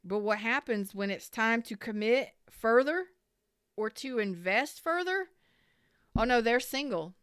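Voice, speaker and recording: A woman's voice: on the high side, animated, a little slow, a bit bright, clear, resonant tone, no room sound, studio quality. A woman giving a casual tarot reading to viewers, dramatic and profane, calling them y'all. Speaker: tarot reader.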